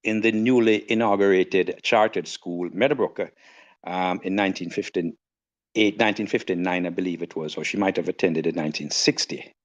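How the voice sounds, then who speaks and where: An older man giving a formal tribute in a measured, elaborate way. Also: low-pitched. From Jamaica. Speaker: podcast guest. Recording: dull lo-fi audio.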